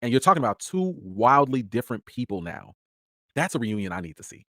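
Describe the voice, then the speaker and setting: A young man, chatting casually as host of a review show, his energy swinging between excitement and tired mumbling. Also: medium pitch, fairly quick, no echo, clean studio sound.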